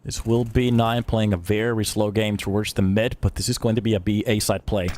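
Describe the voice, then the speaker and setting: A man giving solo play-by-play commentary on a live esports match. He chats with viewers between calls and breaks into loud, excited shouts on big plays. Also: on the low side, fairly quick. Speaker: esports caster. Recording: streamed commentary with steady background noise.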